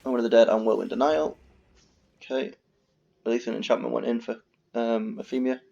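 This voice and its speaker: A man hosting a gaming video narrates his own card game casually, grumbling, swearing and ranting in exasperation when irritated. His medium-pitched voice is level, creaky and dark, a little fast, on a dull lo-fi recording.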